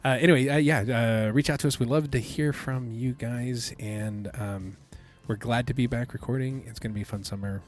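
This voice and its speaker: A man's voice: medium pitch, fairly even intonation, moderate pace, few pauses, faint music behind. A man hosting a podcast in casual chat, laid-back and easygoing. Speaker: podcast host.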